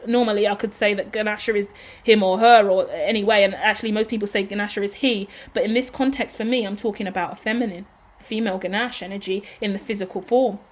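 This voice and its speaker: A woman's voice: mid-range voice, fairly even intonation, fast talker. A woman giving a tarot reading in a casual, emotional and effusive way, swearing now and then. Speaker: tarot reader.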